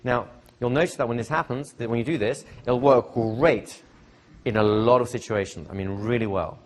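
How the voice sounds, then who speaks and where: Speaking fast at a medium pitch, this middle-aged hypnosis trainer addresses a live seminar crowd. His style is conversational and repetitive: he circles back to the same phrases and keeps posing questions to his listeners.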